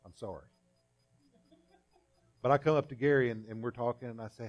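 A man preaches a sermon at a relaxed, conversational pace. His voice sits at an ordinary middle pitch, and he leans on repeated phrases and short acted-out scenes. Faint music plays underneath. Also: quick pace, highs cut off. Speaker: pastor.

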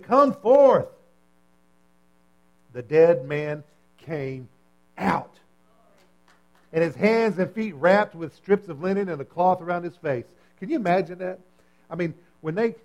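A man preaching a sermon in a conversational, animated way, repeating phrases, checking in with his listeners and acting out the voices in the story. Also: on the high side, dull audio. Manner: animated, repetitive, acts out voices. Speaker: pastor.

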